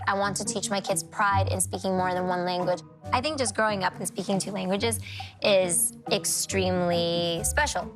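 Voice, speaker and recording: A woman's voice: medium pitch, fairly even intonation, moderate pace, music in the background. A woman in her forties speaking earnestly and reflectively in a confessional interview for a reality show. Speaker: reality show cast member.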